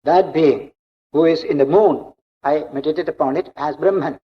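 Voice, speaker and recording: A man's voice: on the high side, big-room sound, close to an everyday voice. A man voicing an earnest ancient sage. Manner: slow, measured. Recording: dull lo-fi recording.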